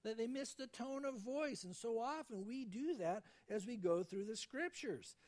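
A man's voice: very high-pitched, animated, normal speed, a little mellow. A man preaching a conversational sermon as a pastor, often acting out the voices he quotes.

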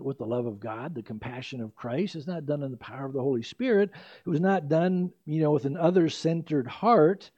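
An older man preaching a sermon with animated emphasis and quick asides. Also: fairly high pitch, dry recording. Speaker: pastor. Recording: dry, slightly dull lo-fi recording.

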